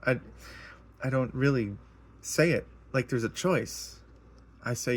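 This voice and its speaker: A man's voice: mid-range voice, slow, husky. A man casually sharing a personal testimony, earnest and emotional, rambling and repeating himself as he tells it.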